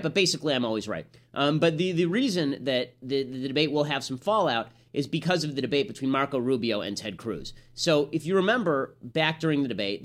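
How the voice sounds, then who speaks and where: A man talks at a rapid clip, firing off sarcastic, combative political commentary as a podcast host. His voice sits at an ordinary middle pitch and he barely pauses between points. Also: fairly bright tone.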